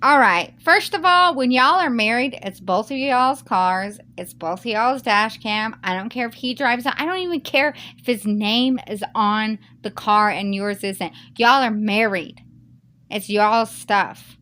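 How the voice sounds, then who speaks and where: Woman, slow unhurried pace, reads a story aloud, then heated emphatic commentary. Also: on the high side, bright, forceful tone. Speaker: YouTuber reading Reddit posts. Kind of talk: reads a Reddit post aloud, then reacts.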